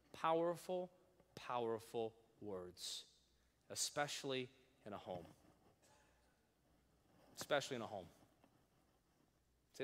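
A male pastor giving a lively sermon, reading scripture with emphasis and leading the congregation to repeat phrases aloud. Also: mid-range voice, slow pace, long pauses. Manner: reads scripture in old-fashioned wording with rising emphasis. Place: large church sanctuary. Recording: long hall reverb.

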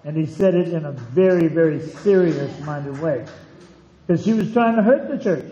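A pastor preaches with a high, warm and mellow male voice, pressing each point and repeating key words. The sound is roomy and a little dull, as if taped in a church. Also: lively intonation, normal speed. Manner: emphatic preaching, repeats phrases for weight. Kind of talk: sermon.

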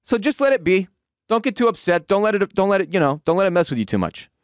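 A man hosting a sports podcast, ranting in a profane, heated way with shouted peaks, then dropping to a low, weary tone. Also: fast talker, dry recording, clean studio sound. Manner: drops to low, weary tone when calming down. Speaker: podcast host. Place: home room with dogs.

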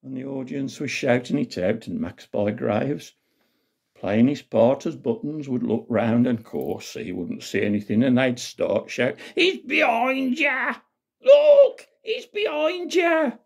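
A man's voice: mid-range voice, measured pace, creaky, darkish tone, slightly rough. A man with a Black Country accent telling a comic tale in a folksy, dialect-rich way. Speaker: storyteller. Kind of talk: comic storytelling.

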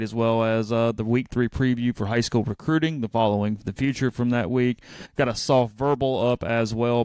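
A man co-hosting a casual sports podcast, briskly running through site content and chatting with his partner. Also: mid-range voice, clear, resonant tone, no echo. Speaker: podcast co-host.

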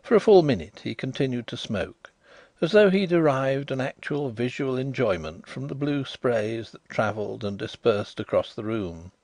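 A man narrating a classic detective audiobook in a measured storytelling manner. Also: medium pitch, lively intonation, darkish tone, no room sound. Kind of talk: scripted narration.

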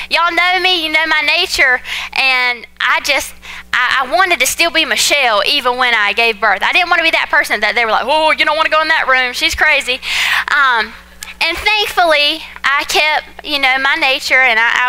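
A young woman, preaching a sermon and telling personal stories in a chatty, animated way that speaks straight to the congregation. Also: high voice, clear, resonant tone, rough recording. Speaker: pastor's wife preaching.

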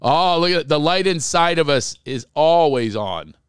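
A man's voice: a little high, lively intonation, normal speed, smooth, no echo, studio quality. A middle-aged man from Philadelphia with a Philadelphia accent, hosting a podcast in a jokey, playful way and slipping into comic voices. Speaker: podcast host. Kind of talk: casual interview chat.

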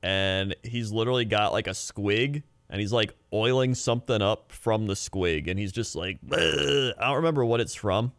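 A man's voice: on the low side, normal speed, hardly any pauses, no echo. A man hosting a live stream, chatting casually while reacting to a video, telling stories and swearing freely. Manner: chatty, swearing, tells anecdotes. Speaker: streamer host.

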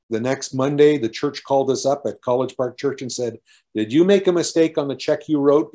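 A middle-aged man from Canada preaches, recounting a personal story of faith to his congregation. His voice is mellow and dark, sitting in an ordinary middle pitch. He talks earnestly, often restarting his words as he goes. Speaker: pastor. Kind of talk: testimony sermon.

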